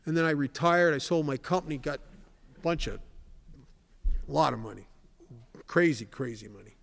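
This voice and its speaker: A man in his sixties giving a candid personal testimony at a recovery meeting, telling stories and swelling loud to stress a point. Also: fairly high pitch, expressive, normal speed, gravelly. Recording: long hall reverb.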